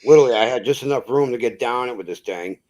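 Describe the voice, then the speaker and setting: This is a quick-paced, mid-range male voice belonging to a Massachusetts trucker. In relaxed conversation he delivers a foul-mouthed, animated story, imitating what others said.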